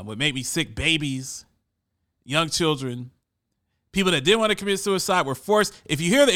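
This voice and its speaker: A man speaks in a casual storytelling monologue, with a fairly high voice. His tone is bright and forceful. He talks conversationally and often doubles back on his words as he goes. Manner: conversational, often repeats words when restarting.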